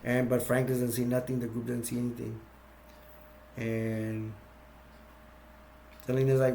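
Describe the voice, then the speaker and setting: A man casually retelling a film's plot, halting and full of fillers. His voice is gravelly and flat, with little rise or fall. A faint hum sits behind him. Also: medium pitch. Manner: rambling, filler-heavy, halting. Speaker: movie recap youtuber.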